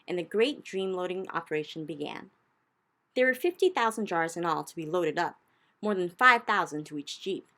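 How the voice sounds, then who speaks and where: A woman narrating a children's book aloud in an expressive storytelling style, lifting her voice for the exciting moments. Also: on the low side.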